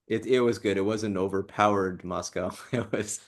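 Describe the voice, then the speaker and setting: A man's voice: lowish voice, fairly even intonation, normal speed. A man hosting a casual interview, asking questions and giving short replies. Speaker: interviewer host.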